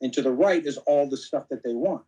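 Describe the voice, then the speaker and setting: Man telling lively stories with quoted dialogue. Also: medium pitch, brisk, slightly rough, poor audio. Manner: animated anecdotes, acting out quoted dialogue; frequent fillers like "you know". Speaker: podcast guest. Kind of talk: casual storytelling interview.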